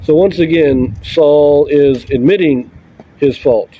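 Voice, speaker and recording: A man reading scripture aloud and commenting on it in a relaxed, conversational way with easygoing asides. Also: fairly high pitch, takes it slowly, husky, low-quality recording.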